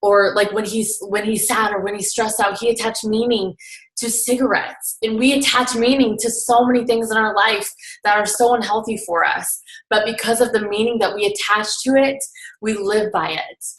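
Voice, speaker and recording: A woman's voice: medium pitch, steady tone, normal speed. A young woman telling a story in a casual chatty way, full of filler words. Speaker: guest recapping a seminar. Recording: roomy echo.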